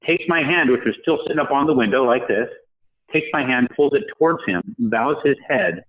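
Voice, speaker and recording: A man's voice: medium pitch, lively intonation, brisk, phone-quality sound. A man telling a personal story in a podcast interview, acting out the voices of people he quotes. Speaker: podcast guest. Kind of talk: storytelling in a conversation.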